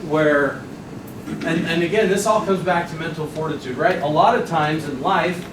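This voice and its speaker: Young male presenter, fairly high voice, animated storyteller acting out his own lines; motivational training talk heard from a distance in an echoey, noisy room. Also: normal speed. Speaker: sales trainer presenting to a team. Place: meeting room.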